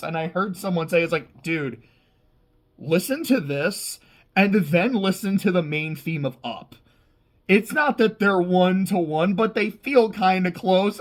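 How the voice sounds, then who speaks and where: A man talking casually about a movie, rambling and excitable, laughing often and swearing freely. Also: high voice. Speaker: film reviewer. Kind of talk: casual unscripted movie talk.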